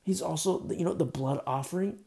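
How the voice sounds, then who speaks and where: A man delivers a sermon in a relaxed, conversational way, pushing some phrases out loud and dropping others to quiet asides. His voice is mellow and dark, with a gravelly edge that runs through his talk. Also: a little high, fairly quick. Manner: conversational preaching, swings between loud emphasis and quiet asides. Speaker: pastor.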